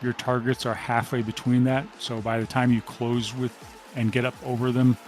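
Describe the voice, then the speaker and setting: A man with a mid-range voice runs a tabletop role-playing game as game master, describing the action steadily and measuredly with frequent ums.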